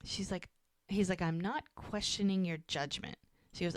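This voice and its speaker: Her fairly low voice moves at a moderate pace as she casually recaps a TV episode for a podcast, acting out each character's lines. The retelling is animated, full of "she's like" quotes, with clean studio sound and no room noise.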